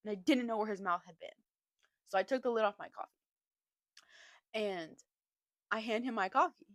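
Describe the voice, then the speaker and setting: A young adult woman hosting a podcast, telling a story in a chatty, animated way, laughing often and filling her talk with "like.". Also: mid-range voice, moderate pace, no room sound. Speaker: podcast host. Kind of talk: casual storytime chat.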